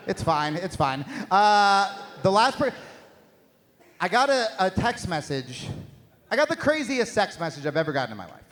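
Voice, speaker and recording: A man performing a stand-up comedy set on stage, with profane, shouting rants and rapid asides. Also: a little high. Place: live venue on stage.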